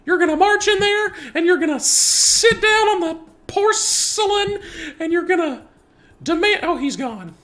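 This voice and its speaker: A man putting on a high, flustered voice as an older woman politician talking herself through a crush, a comedic impression. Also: lively intonation, measured pace, sharp tone, heavily acted. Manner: breathless, flustered self-talk.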